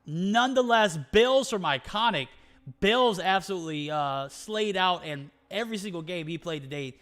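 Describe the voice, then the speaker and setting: A man's voice: high-pitched, expressive, a bit bright. A man casting a live esports stream, hyped and bantering as he runs through player names. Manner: hyped, rapid name-listing banter. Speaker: esports caster.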